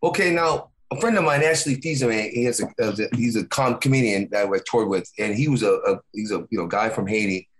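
A middle-aged man co-hosting a podcast, telling stories in casual chat with many restarts and halting repeats. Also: lowish voice. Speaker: podcast co-host.

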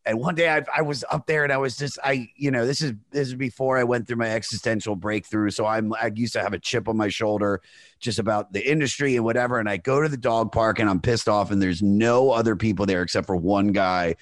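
A young male comedian telling a story in an animated way, swearing and acting out quotes. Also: lowish voice, a little fast, dry recording, clean studio sound. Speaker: comedian, podcast guest. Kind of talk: casual storytelling chat.

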